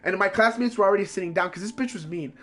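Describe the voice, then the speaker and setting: A man's voice: high-pitched, very fast, fairly bright tone. A man streaming from home, telling a profane, heated story in a casual way.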